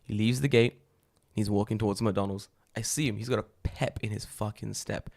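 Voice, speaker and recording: A man co-hosting a podcast, telling stories in a loose, animated way and swearing often. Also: lowish voice, moderate pace, vocal fry. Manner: animated storyteller, swears a lot. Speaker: podcast co-host. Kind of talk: casual chat.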